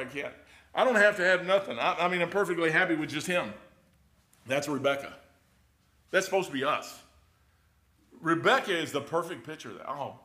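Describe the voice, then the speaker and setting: A man preaching an informal sermon, folksy and conversational, rising loud and then dropping quiet. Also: on the high side.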